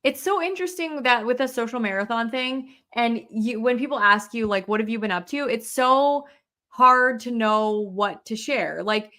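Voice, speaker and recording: A woman's voice: fairly high pitch, moderate pace, bright, forceful tone. A young adult woman in casual chat, thinking aloud and reflecting, with fillers. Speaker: podcast co-host.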